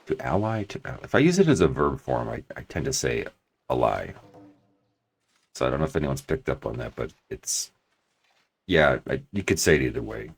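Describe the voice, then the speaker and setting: A man's voice: extremely low pitch, big pitch swings, brisk, husky. A man commenting on his strategy game as he plays, thinking aloud and talking his plans through at length. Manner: thinking aloud, restarts and hedges while planning. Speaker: let's play commentator.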